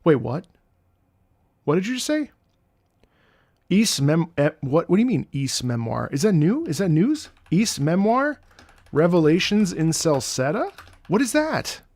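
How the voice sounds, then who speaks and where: A man in his late thirties chatting casually as a streamer reacting to game music, excitable and swearing freely as he jumps between topics. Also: sits high, a little slow, no room sound. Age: late 30s. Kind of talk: casual rambling chat.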